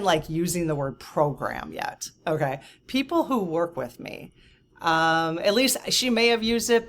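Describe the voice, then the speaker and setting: A woman in her fifties tells her story straight to the camera, her voice sitting low in pitch. She is chatty and indignant, full of "you know" and quick asides as she vents. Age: 50s. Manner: animated, indignant, lots of fillers and asides. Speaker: vlogger.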